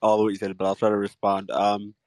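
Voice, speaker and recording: A young man co-hosting a podcast, chatting in a relaxed way and saying "like" a lot. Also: on the low side, fast, slight background noise. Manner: relaxed, heavy use of "like". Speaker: podcast co-host. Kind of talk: casual chat.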